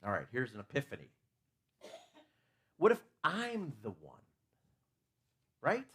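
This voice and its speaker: A man's voice: medium pitch, huge pitch swings, slow pace, fairly bright tone, slightly rough. A man preaching a conversational sermon in a church, asking his listeners questions and talking openly about his own faults.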